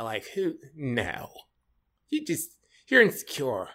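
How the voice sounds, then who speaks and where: A man hosting a casual storytelling podcast, slangy and animated, jumping in and out of voices. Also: on the high side, normal speed. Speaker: podcast host.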